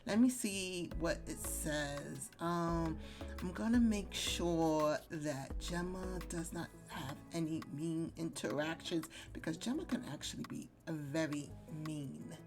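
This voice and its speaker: A woman's voice: sits low, takes it slowly, over music. Chatty woman narrating a game. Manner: chatty, addresses viewers as guys. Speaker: let's play host. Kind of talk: casual gameplay commentary.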